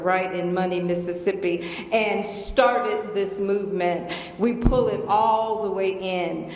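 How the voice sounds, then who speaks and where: Woman, Southern accent, middle-aged, playful and emphatic, slow delivery, echoey hall with long reverb. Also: mid-range voice. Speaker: guest lecturer. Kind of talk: lecture Q&A. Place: large lecture hall.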